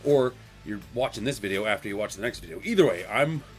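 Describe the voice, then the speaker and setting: Excitable fast-talking man recapping comics. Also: fairly low pitch, faint music behind. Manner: excitable, rambling, acts out quotes.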